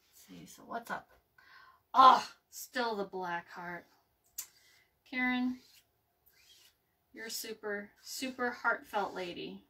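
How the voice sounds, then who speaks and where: A woman chats slowly through a home craft session, rambling and restarting with plenty of ums. Her voice is bright and a bit sharp. She sits somewhat back from the microphone. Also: mid-range voice, vocal fry, distant mic. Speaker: craft video host. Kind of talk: casual live craft chat. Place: home craft table, indoors.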